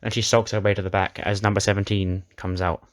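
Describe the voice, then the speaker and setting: A man with a fairly low voice narrates a wrestling sim playthrough in a chatty, offhand way. He trips over and restarts his sentences and slips in brief chuckles. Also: flat delivery, brisk, heavy background noise. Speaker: game commentator. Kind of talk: casual recap of a wrestling sim game.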